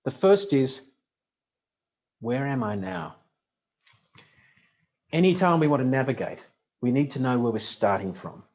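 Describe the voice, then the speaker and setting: A man gives a motivational talk on stage. His husky voice swings up and down as he tells stories, punchy with dry humor. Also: medium pitch, darkish tone. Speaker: speaker.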